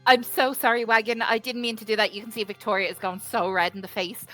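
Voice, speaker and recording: A woman's voice: mid-range voice, steady tone, fast talker, pushed and bright, dry recording, soft background music, rough recording. A woman playing a tabletop game, apologizing over and over in character in a flustered way. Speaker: player voicing Victoria. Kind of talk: tabletop role-play.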